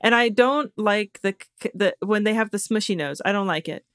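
A woman's voice: medium pitch, fairly bright tone, clean tone, no room sound, studio quality. A woman co-hosting a casual podcast, reacting playfully and joking along. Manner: playful, quick reactions and jokes. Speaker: podcast co-host. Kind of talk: casual chat.

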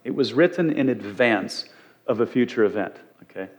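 A man's voice: mid-range voice, expressive, moderate pace. A man teaching from the Bible as a pastor, in a conversational way with frequent fillers and restarts.

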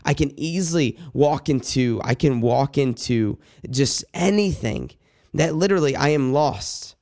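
A man giving an earnest, personal Bible devotional, talking in a halting way with many restarts and asides addressed to God. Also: mid-range voice, animated, darkish tone. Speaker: devotional speaker. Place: indoors at night.

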